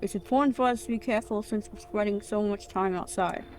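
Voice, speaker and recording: A woman voicing a calm government scientist who talks in a measured, reassuring way. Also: mid-range voice, slight background noise, lightly acted.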